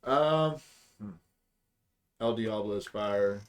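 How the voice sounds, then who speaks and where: A man's voice: lowish voice, slow pace, clear, resonant tone. A young man co-hosting a comedy podcast, laid back and chiming in with short jokes. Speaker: podcast co-host. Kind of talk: casual comedic chat.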